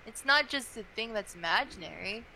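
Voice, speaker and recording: A young adult woman chatting casually on a podcast, telling a story in a chatty, animated way with many fillers. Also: fairly high pitch, a little fast, a little hiss or hum, low-quality recording.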